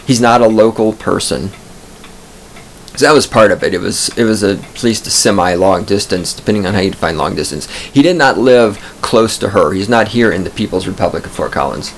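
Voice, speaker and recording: A man's voice: on the low side, expressive, brisk, a little hiss or hum. A man hosting a podcast from a studio booth, telling stories in a profane, digressive, self-amused ramble. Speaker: podcast host. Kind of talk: rambling comic monologue.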